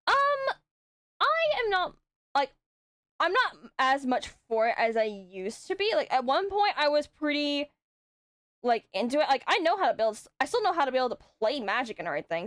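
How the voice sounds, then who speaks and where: A woman's voice: fairly high pitch, a bit bright, dry recording, studio quality. A young adult woman streaming, chatting casually and telling rambling stories with frequent swearing. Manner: swears often, rambling storytelling. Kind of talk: casual chat.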